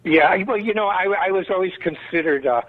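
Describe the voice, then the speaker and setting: A man's voice: high-pitched, a little fast. Talkative Chicago man on a tinny line. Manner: rambling, talkative storyteller. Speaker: guest musician. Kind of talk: casual interview talk.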